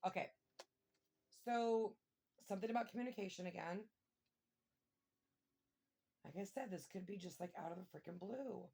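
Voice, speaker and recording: Excitable woman with a gravelly voice reading tarot. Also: on the low side, a little fast, long pauses. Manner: excitable, exclaims and swears, thinks aloud. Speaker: tarot reader. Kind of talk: casual tarot reading to camera.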